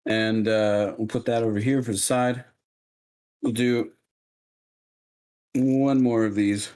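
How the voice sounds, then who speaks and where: A man streaming from his home kitchen, chatting casually and joking at his own slow cooking. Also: fairly low pitch, steady tone, darkish tone, clear, resonant tone. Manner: joking, self-mocking, unhurried.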